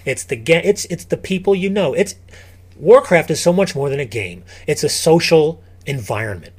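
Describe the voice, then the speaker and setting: A man talking as a guest on a casual podcast, animated and emphatic, often restarting his sentences. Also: on the high side, normal speed, husky.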